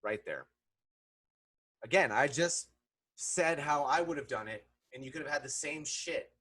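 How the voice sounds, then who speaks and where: A man giving sarcastic, profane reaction commentary, swinging between low mutters and loud outbursts. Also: unhurried, husky.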